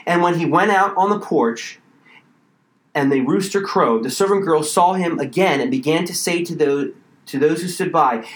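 A man preaching a sermon, emphatic, with dramatic pauses and repeated phrases. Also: high-pitched, expressive, echoey room, poor audio. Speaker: pastor.

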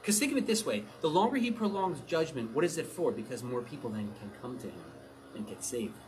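A man preaching a sermon in an animated way, often asking his listeners questions. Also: medium pitch, fairly quick, background noise. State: out of breath.

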